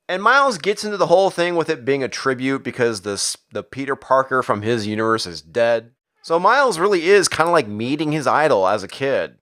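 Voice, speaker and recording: A man's voice: mid-range voice, animated, normal speed, a bit bright, smooth. A man recapping a comic book in a casual, crude, sarcastic way. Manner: profane, sarcastic, jumps into character voices.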